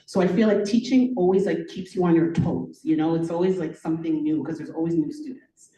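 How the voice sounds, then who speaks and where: A woman teacher on a panel, talking in an animated, storytelling way, full of "like" and "you know". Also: low-pitched, brisk. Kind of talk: conversational panel talk. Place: event room. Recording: echoey room, voice from far off.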